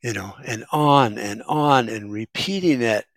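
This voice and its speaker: A man's voice: medium pitch, unhurried, no echo. A middle-aged man talking in a casual, rambling monologue, sarcastic and wisecracking. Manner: rambling, sarcastic, self-described smartass. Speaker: vlogger.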